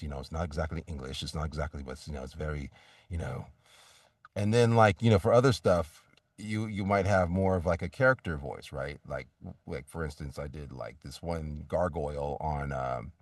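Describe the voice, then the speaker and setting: A deep-voiced man talks loosely as an interview guest, circling back and restarting his sentences. He sits well back from the microphone, and the room sounds dry with no echo. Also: far from the mic. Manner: rambling, many restarts and fillers, acts out sample reads. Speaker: voice actor guest. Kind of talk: casual interview talk.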